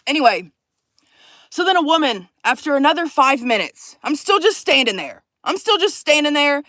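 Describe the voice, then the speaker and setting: A woman telling a profane, animated story to her vlog audience, acting out the people in it. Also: high-pitched, moderate pace, dry recording. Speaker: vlogger. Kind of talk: casual storytime chat.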